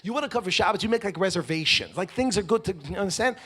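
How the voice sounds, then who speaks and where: Animated husky man telling comic stories. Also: high voice, rapid-fire. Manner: animated, acts out voices of his wife and others. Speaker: speaker. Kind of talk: comic storytelling talk.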